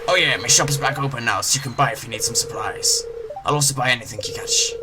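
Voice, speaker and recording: A man voicing a hearty old male fisherman in a gruff pirate voice over loud ocean game noise. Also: medium pitch, quick pace, close to an everyday voice. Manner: gruff, swaggering sea-dog talk.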